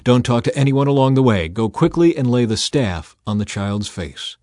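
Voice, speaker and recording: A man's voice: medium pitch, animated, moderate pace, a little mellow, dry recording, studio quality, lightly acted. A man voicing an old prophet in a storybook reading, giving firm instructions in a slightly raised voice. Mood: commanding. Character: commanding old male prophet.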